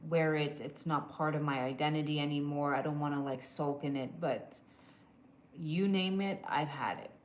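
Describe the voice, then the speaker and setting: Woman, livestream host, casual advice chat, direct, calls viewers "my love", lowish voice, roomy echo. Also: moderate pace, dull audio, slight background noise. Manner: answers viewer comments live. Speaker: livestream host doing emotional scans. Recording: echoey room.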